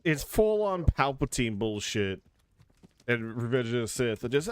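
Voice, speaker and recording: A male game streamer in casual commentary, sarcastic and quick to swear. His pitch swings widely as he gets worked up. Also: clean tone. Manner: animated, sarcastic, swears a lot.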